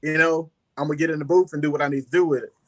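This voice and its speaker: A man, a music artist telling a rambling, animated story as an interview guest, often saying "you know.". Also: on the high side, rapid-fire. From Southern United States.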